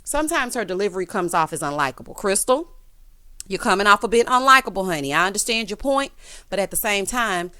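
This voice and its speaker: A woman's voice: medium pitch, brisk. A woman giving casual, sassy recap commentary on a reality TV episode, calling viewers honey and y'all. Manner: sassy, animated, quotes others in voices.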